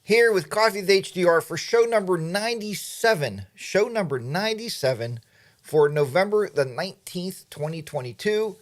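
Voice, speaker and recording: A man's voice: sits high, animated, normal speed. A middle-aged man hosting a casual livestream, chatty and playful, greeting viewers by name. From Pennsylvania, USA. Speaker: livestream host. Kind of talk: casual live chat.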